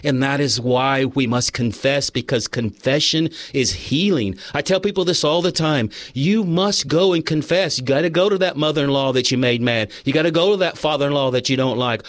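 A man's voice: medium pitch, a little fast, few pauses, dry recording. A man preaching a sermon, earnest, telling personal stories and reading passages aloud from a book. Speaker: pastor.

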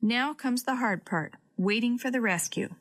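A woman reading a story, voicing a patient, steady old grandfather. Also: a little high, close to an everyday voice. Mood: calm. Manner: slow, steady, reassuring.

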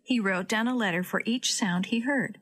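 A woman narrating a children's story in a clear, expressive way. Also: medium pitch, normal speed.

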